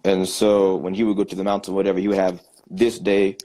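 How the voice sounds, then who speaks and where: A man's voice: low-pitched, flat delivery, brisk, mellow, poor audio. A man joining by video call as a guest, explaining in short repeated phrases. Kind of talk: casual discussion.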